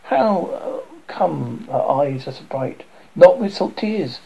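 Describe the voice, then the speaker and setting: A man reading the lines of a pleading, lovesick young woman in a halting way, on a dull lo-fi recording. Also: on the high side, expressive, vocal fry, mellow, slightly rough, full character voice. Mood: forlorn.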